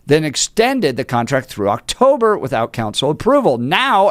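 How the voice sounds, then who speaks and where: Animated male talk radio host. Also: mid-range voice, dry recording. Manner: animated, teasing, laughs often. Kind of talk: talk radio banter and news reading.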